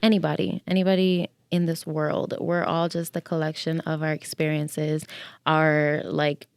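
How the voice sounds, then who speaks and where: A woman co-hosting a podcast, speaking calmly and reflectively while she explains her views. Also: low voice, normal speed, creaky, clean tone, no room sound. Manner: calm, reflective, explains thoughtfully. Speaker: podcast co-host. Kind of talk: casual chat.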